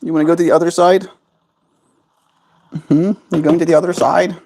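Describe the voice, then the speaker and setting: A man's voice: fairly high pitch, flat delivery, moderate pace, creaky, a little mellow. A man streaming casual chat while cooing affectionate baby talk to his pet bird at home.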